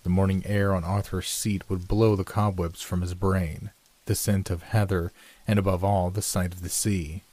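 Man, audiobook narration, ghost story, low voice, dark mellow tone. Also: flat delivery. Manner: measured storytelling, lifts pitch for dialogue. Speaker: narrator reading classic ghost stories.

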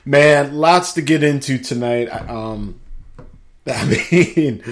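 Slow-talking, laid-back male sports host. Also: medium pitch. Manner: laid-back and chatty, laughs easily, leans on "man". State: slightly scratchy throat. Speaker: sports talk show host. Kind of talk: casual sports talk monologue. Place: home studio.

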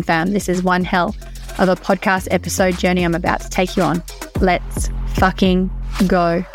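A woman's voice: on the low side, no room sound, clean studio sound. A young Australian woman hosting a solo podcast, talking energetically and emphatically and swearing freely. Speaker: podcast host. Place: beach hut.

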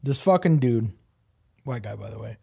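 A man from Southern California who owns a crime scene cleaning business tells blunt stories as a podcast guest, swearing constantly. His mid-range voice is expressive, gravelly, husky and warm, at a normal speed, in casual storytelling.

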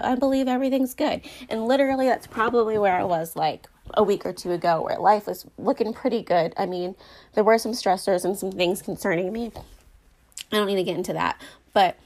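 A young adult woman talking about her faith in a casual, heartfelt monologue, earnest and rambling with lots of filler words. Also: medium pitch. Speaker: Christian speaker sharing faith reflections.

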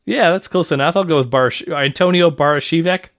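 A man hosting a casual podcast, chatty and relaxed, reading notes and bantering with his co-host. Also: fairly high pitch, a little fast, no echo, studio quality.

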